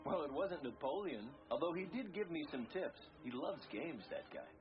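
Brief: a playful ghost dad inside a robot, expressive, lo-fi movie audio. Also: male voice, fairly high pitch, normal speed, music in the background. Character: dead father returned as a robot, warm and joking. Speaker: film character. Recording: dull film audio with score.

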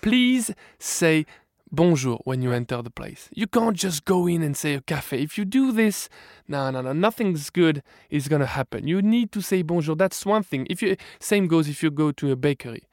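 A man's voice: on the high side, normal speed, hardly any pauses, no room sound, clean studio sound. A man from France with a French accent, a cookbook author chatting playfully as a radio guest. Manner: playful, animated, many restarts. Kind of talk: casual radio interview.

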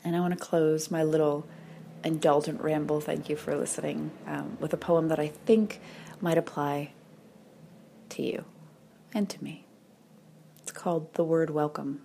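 A woman hosting a weekly podcast, speaking softly and intimately in a reflective monologue, at times sinking to a whisper and near tears. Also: low voice, fairly even intonation, unhurried, gravelly, long pauses, slight background noise. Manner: soft, intimate, drops into whispers when moved. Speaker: podcast host.

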